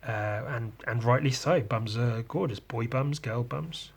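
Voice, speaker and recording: Guy rambling on his podcast, crude jokey casual chat, mid pitch. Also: unhurried, vocal fry, husky. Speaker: host.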